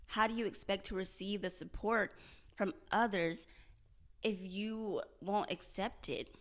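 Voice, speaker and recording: A woman's voice: mid-range voice, fairly even intonation, unhurried, a bit bright. A young woman vlogging candidly about her struggles, earnest and self-searching, often repeating and restarting her phrases. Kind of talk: candid confessional vlog.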